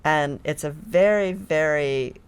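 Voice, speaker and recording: A woman's voice: low voice, takes it slowly, clear, resonant tone. A woman guest on a podcast, talking in a chatty, enthusiastic way with many fillers. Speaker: podcast guest, filmmaker staff. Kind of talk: casual chat.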